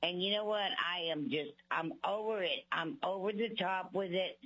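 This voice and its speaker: A woman's voice: fairly low pitch, moderate pace, a bit bright. Blunt older woman on a muffled line. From Alaska. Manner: blunt, exasperated, mimicking legislators. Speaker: public testifier. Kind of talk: public testimony by phone.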